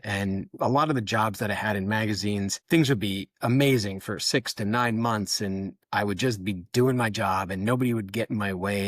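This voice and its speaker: Low-voiced man, candid and reflective. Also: dry recording. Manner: candid, self-deprecating, storytelling. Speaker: photographer, podcast guest. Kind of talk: reflective interview talk.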